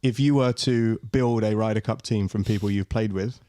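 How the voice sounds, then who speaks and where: A man hosting a golf podcast, asking questions in a relaxed way with a few hesitations. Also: on the low side, moderate pace, dry recording. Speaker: podcast host. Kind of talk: casual podcast interview.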